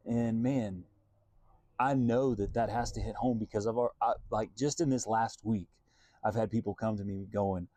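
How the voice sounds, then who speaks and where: A man's voice: on the low side, normal speed, mellow, no room sound. A man, a Christian singer-songwriter, giving an earnest, reflective devotional talk and thinking aloud as he goes.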